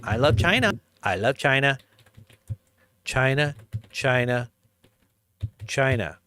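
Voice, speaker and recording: A blustering politician, as a man mimics him, chanting one word again and again in a sing-song rhythm. The voice rides higher than the speaker's normal tone, with a mocking lilt. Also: animated, slow pace, pushed and bright.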